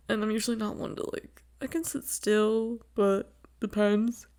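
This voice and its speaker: Her voice is fairly high with a darkish tone as she hosts her own podcast in relaxed conversation. The young woman is chatty and gushing, laughs often, swears casually, and records on a new desk mic without a windscreen.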